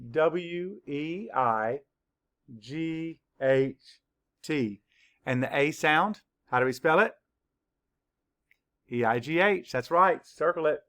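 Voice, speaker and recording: A man teaching a children's spelling lesson, spelling words slowly, letter by letter, with clear, patient instructions. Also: on the high side, expressive, fairly bright tone. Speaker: third-grade teacher.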